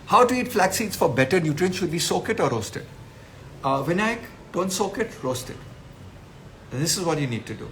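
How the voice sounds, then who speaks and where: An animated, scolding man from India talks in Indian English and peppers it with Hindi slang. His voice sits a little high for a man. A faint low rumble of noise runs under the recording. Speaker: nutritionist answering viewer questions. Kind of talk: live Q&A talk.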